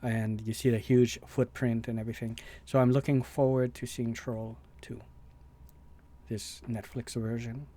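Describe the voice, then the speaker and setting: A man's voice: mid-range voice, level tone, a little slow, mellow. A man hosting a reaction video, talking casually in a rambling, hesitant way with many fillers and restarts.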